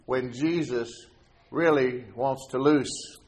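A man preaching a sermon as a pastor, reading scripture aloud and slowing down to stress key words. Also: mid-range voice.

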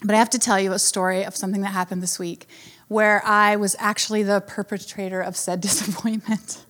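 A woman's voice: mid-range voice, flat delivery, fairly quick, a bit bright. A woman in her thirties telling a family story in a sermon, laughing often and acting out her son's lines. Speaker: speaker giving a devotional talk.

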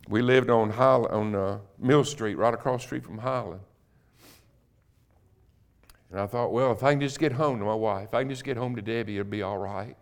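Guy guest preaching, middle aged, quiet emotional story then loud emphatic preaching, mid pitch voice. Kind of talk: sermon. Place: church sanctuary.

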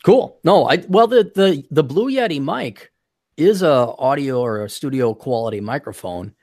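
A man's voice: medium pitch, animated, moderate pace, a little mellow, dry recording. A male podcast host chatting loosely into a desktop mic, his voice in the middle range and recorded dry and close. He rambles and restarts often and pokes fun at himself. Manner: rambling, self-deprecating, many restarts. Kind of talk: casual podcast chat. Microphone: desktop studio-style USB mic.

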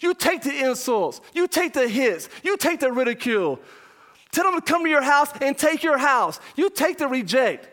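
A man, a pastor and father, preaching an impassioned verse-by-verse sermon, shouting much of it and then dropping to a low voice. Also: very animated, moderate pace. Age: young adult or middle-aged parent.

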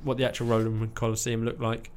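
A man of middle pitch hosting a film podcast. He talks casually and with enthusiasm, drifting through asides with plenty of fillers and the occasional swear word. His delivery stays loose and conversational. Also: little pitch movement, fast talker, darkish tone, clean tone. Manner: chatty and enthusiastic, sprinkled with fillers and mild swearing. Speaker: podcast host reviewing a film. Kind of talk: casual chat.

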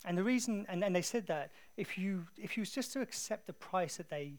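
Animated English preacher, slightly high voice. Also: male voice, a little fast. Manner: conversational, animated storyteller. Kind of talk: sermon.

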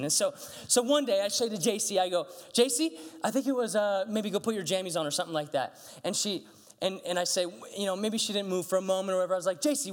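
A middle-aged male pastor telling stories in a sermon from a church stage, animated and acting out the dialogue. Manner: animated, acts out dialogue with big pitch jumps. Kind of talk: sermon storytelling. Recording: long hall reverb.

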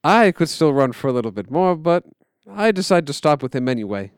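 A man telling a story in quiet, measured, scripted narration. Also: fairly high pitch, sing-song, clean tone, dry recording, clean studio sound.

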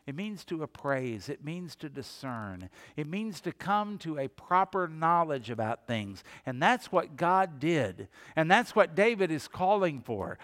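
Middle-aged pastor guy preaching, kinda high voice, big echoey church hall. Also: very animated, a little slow, hardly any pauses, a bit bright. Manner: emphatic preaching, rises and drops, asks the congregation questions. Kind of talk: sermon.

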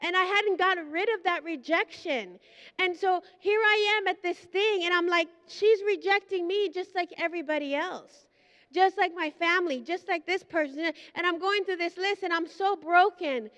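A woman preaching a sermon at a live conference, telling a personal story in an animated way and acting out the voices in it. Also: very high-pitched, moderate pace. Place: church hall at a conference. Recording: live conference with long hall reverb.

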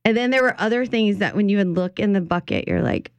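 A woman's voice: medium pitch, fast, vocal fry, smooth, no echo. Chatty woman radio host. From Louisiana. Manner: chatty, animated, playful storyteller. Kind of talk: casual radio chat. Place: radio studio.

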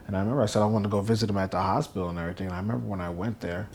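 A young man from New Jersey, a guest in an interview, telling stories casually and acting out the quotes with rising excitement. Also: on the low side, rapid-fire, a little hiss or hum. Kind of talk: casual storytelling.

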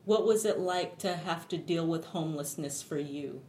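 A woman with a somewhat low voice asks probing interview questions and gives brief prompts. Her voice echoes in a roomy space, with faint background noise. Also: normal speed, darkish tone.

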